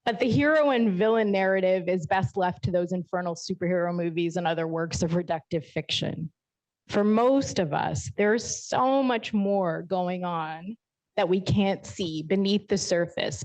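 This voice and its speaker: A woman physician giving a keynote talk, telling stories in a lively, humorous and frank way. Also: medium pitch. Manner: lively, humorous storytelling, self-mocking, frank.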